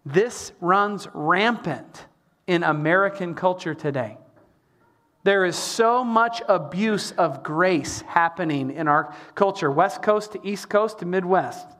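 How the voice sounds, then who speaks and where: A middle-aged man preaching a sermon as pastor, animated, with emphatic repetition and the odd sung line. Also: high-pitched, slow pace.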